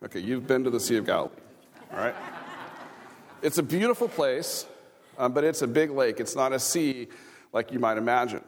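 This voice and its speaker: A man's voice: medium pitch, expressive, moderate pace, pauses often. A man, a pastor preaching a conversational sermon with chuckling asides and questions to the congregation. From Kansas. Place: church sanctuary. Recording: reverberant church hall.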